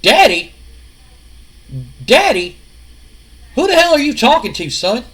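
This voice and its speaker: A man's voice: high voice, lively intonation, unhurried, full character voice. A man voicing an older wrestling king who scolds and mocks his son. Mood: mocking. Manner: scolding, mocking, shouting.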